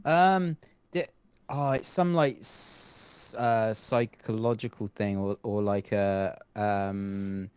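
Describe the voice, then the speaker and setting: A man's voice: fairly low pitch, steady tone, slow, a little mellow, clean tone, no room sound. A man co-hosting a podcast in casual chat, hesitant and searching for his words. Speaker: podcast co-host.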